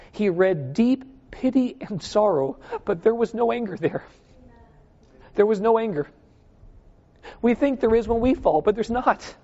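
A man's voice: sits high, darkish tone. A man preaching a sermon with passion, putting rhetorical questions to his listeners. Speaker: pastor. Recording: echoey hall, dull lo-fi sound.

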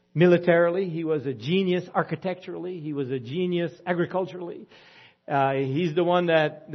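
A man preaching a sermon in a folksy storytelling way, asking the congregation rhetorical questions. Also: on the high side. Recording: muffled lo-fi recording.

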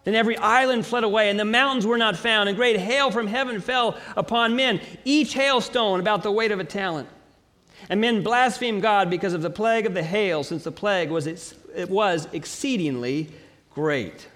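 A man preaching a sermon, reading scripture aloud and building to dramatic, slowly emphasized declarations. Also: high voice, a bit bright, big-room sound. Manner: preaching with dramatic swells and slow emphatic pauses.

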